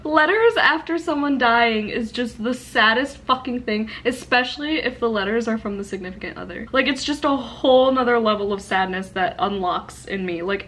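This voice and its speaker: A woman's voice: on the high side, fairly bright tone. A woman book vlogger chatting casually and gushing about what she reads, swearing freely. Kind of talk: casual vlog chat. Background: background music.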